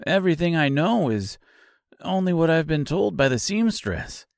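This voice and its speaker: A man's voice: a little high, very animated, normal speed, vocal fry, dry recording, clean studio sound, pitched above the performer's own voice. A man reading an audiobook, voicing an easygoing male scarecrow who talks in a nonchalant, matter-of-fact way.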